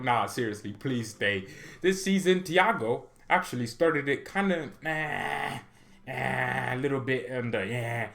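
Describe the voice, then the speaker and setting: A man's voice: mid-range voice, unhurried, gravelly, a bit bright, soft background music. A man hosting a fan channel, giving rambling, casual football commentary full of fillers. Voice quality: rambling, chatty, filler-heavy.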